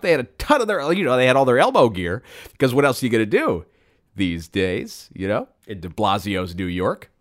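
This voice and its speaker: A man telling a rambling, absurd comic story in a deadpan way, with sudden excited bursts. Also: medium pitch. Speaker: comedic storyteller.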